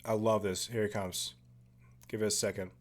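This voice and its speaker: A man giving casual, profane commentary over a horror film, excitable and full of jokey asides. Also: lowish voice, moderate pace. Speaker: movie commentary host.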